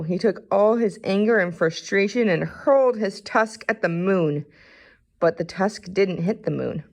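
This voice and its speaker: A woman reading a children's storybook aloud, expressive in manner. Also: on the low side, vocal fry.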